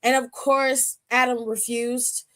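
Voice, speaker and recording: A woman with a high, bright-sitting voice talks through a wrestling recap on a stream. She is blunt and sassy, swears freely and fires heated asides at the people she discusses. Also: level tone, takes it slowly. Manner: blunt and profane, retells scenes by acting out both sides. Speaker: wrestling aftershow host. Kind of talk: casual recap commentary. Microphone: streaming setup.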